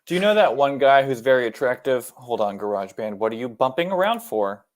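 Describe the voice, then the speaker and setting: A man's voice: medium pitch, animated, fairly quick. A man with an American accent, co-hosting a podcast in casual, jokey chat, swearing freely and laughing at himself. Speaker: podcast co-host.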